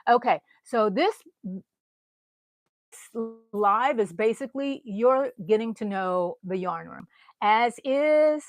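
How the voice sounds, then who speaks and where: A woman's voice: mid-range voice, no room sound. A middle-aged woman chatting casually on a live stream as she tours her small craft room at home, rambling from one item to the next. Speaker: crochet vlogger.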